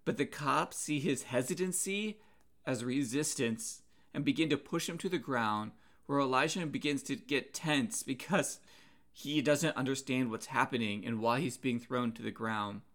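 Man, preacher, earnest sermon, measured delivery, mid-range pitch. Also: a bit bright.

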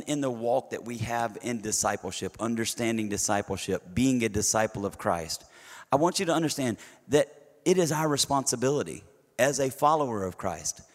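Middle-aged preacher in a reverberant hall. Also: male voice, mid-range voice. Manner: conversational, poses rhetorical questions to the congregation; stumbles into repeated words when restarting phrases. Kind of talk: sermon. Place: church sanctuary.

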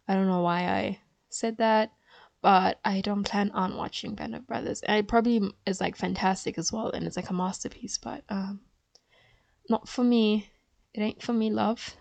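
A woman's voice: medium pitch, creaky, darkish tone, no echo. A woman vlogging in a casual chat, chatty and opinionated, with frequent fillers.

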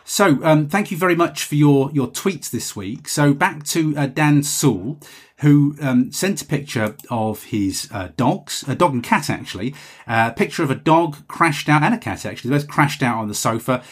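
Chatty podcast host, husky. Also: male voice, fairly high pitch, lively intonation, normal speed. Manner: chatty, rambling, self-correcting. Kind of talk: casual chat reading listener messages.

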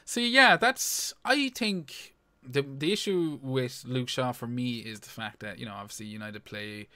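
A man in laid-back podcast conversation, padding his points with "you know" and "um" and swearing freely. His voice sits at an ordinary pitch for a man. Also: measured pace, pushed and bright. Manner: loose and sweary, full of fillers like "you know" and "um". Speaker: podcast co-host. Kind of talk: casual fantasy football chat.

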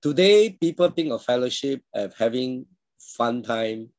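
A male pastor delivers a sermon in a measured teaching tone, pitched around the middle for a man. He often clears his throat and puts questions to his listeners. The sound is dry and close, with no room echo. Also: expressive, darkish tone. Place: online church service.

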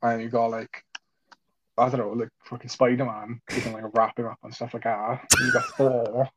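A man's voice: medium pitch, huge pitch swings, moderate pace, heavy background noise. A Welsh man co-hosting a podcast, chatting casually with lots of fillers, restarts and casual swearing. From Wales. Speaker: podcast co-host. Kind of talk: casual chat.

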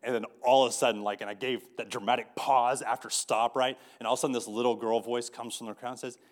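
A man's voice: mid-range voice, little pitch movement, fast. A man preaching a sermon in a conversational way, often restarting and repeating words as he tells a story. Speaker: pastor.

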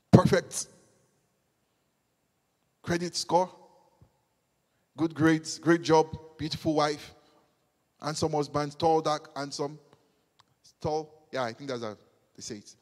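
A man. He is emphatic, repeats his phrases and climbs to fervent peaks. His voice rings with the long reverb of a large hall. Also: high voice. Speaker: preacher. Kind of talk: sermon.

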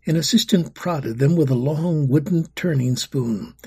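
A man narrating a storybook in a grave, steady telling. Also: fairly high pitch, a little slow, creaky, husky.

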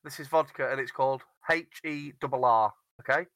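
Bright-voiced man teasing his mates. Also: mid-range voice, a little fast, dry recording. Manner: teasing, says mate a lot. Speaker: podcast co-host. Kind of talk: casual banter.

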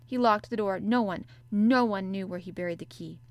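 A woman's voice: medium pitch, normal speed, dry recording, natural voice. A woman voicing a curious, cautious young girl, speaking carefully.

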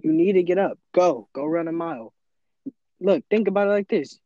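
Teen guy hyping up his friend, earnest, slightly high voice, flat lo-fi sound. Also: normal speed, no room sound. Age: teens. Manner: earnest, motivational, quotes himself in voices. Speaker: podcast co-host. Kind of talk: casual chat.

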